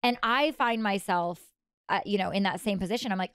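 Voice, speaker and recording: A middle-aged woman talks as a podcast guest with an earnest, encouraging manner. She jumps in often with quick words of agreement. Her voice sounds dry and close. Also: mid-range voice, a bit bright, smooth, dry recording. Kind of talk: casual podcast conversation.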